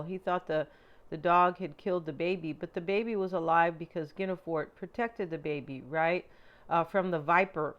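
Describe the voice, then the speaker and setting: A woman's voice: on the low side, fairly even intonation, normal speed, dull audio. Chatty woman rambling through a tarot reading. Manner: chatty, rambling, many fillers and asides. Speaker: tarot reader. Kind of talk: casual tarot reading monologue.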